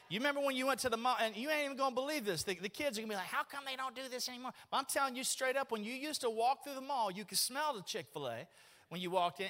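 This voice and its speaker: A man, preaching a folksy, joking sermon in a church. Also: very high voice. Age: 40s. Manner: folksy, joking, animated storytelling. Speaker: pastor. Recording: long reverb of a church hall.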